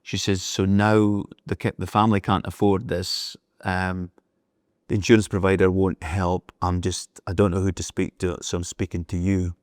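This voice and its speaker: Clean studio audio with no room sound captures a middle-aged business leader whose voice sits low and flat at a normal speed. As an interview guest in casual conversation, he recounts anecdotes and acts out the dialogue as he goes.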